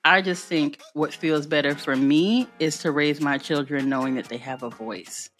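Low-voiced animated woman podcast host. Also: normal speed, soft background music. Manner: animated, laughing storyteller, acts out family voices. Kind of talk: casual podcast conversation.

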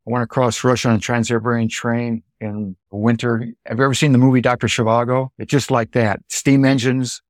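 A man in his seventies, a dairy farmer from Illinois in the United States, tells stories from his life in an interview, animatedly acting out the voices of people he quotes. His mid-range voice moves fairly quickly with hardly any pauses. The recording is dry and studio quality.

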